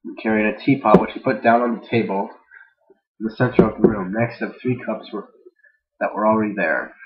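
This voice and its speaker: A man with a voice on the low side reads a fan-fiction story out loud at a brisk clip. The unedited, casual reading wanders into jokey asides and stumbled words, recorded on a dull lo-fi home mic.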